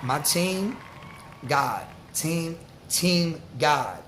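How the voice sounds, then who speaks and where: Animated New man in his forties. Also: fairly high pitch, a little slow, slight background noise. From New York. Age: 40s. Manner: animated, slangy, streetwise storytelling. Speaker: vlogger. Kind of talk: casual storytelling to camera.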